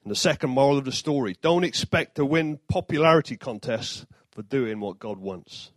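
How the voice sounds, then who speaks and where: A man's voice: mid-range voice, animated, moderate pace, no room sound. A man giving an informal sermon, mixing scripture with jokey asides and self-deprecating humor. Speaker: preacher.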